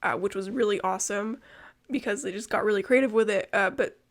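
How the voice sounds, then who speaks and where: A young woman co-hosting a podcast, chatting excitedly, swearing freely and laughing often. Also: medium pitch, brisk. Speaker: podcast co-host. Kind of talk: casual chat.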